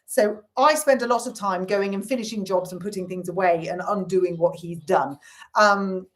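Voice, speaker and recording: A woman's voice: mid-range voice, moderate pace. A middle-aged woman chatting casually on a live stream, reading comments and swearing now and then. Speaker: livestream host.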